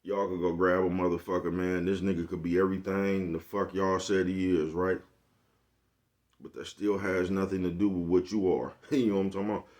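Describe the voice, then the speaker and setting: A man's voice: deep voice, flat delivery, a little fast, a little mellow. A man talking in a laid-back monologue, full of profane slang and repeated check-ins with the listener. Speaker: vlogger. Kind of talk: casual monologue.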